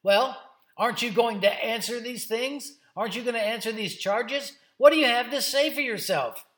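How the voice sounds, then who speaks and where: A man playing a bossy, indignant high priest, loud and accusing. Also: normal speed, echoey room.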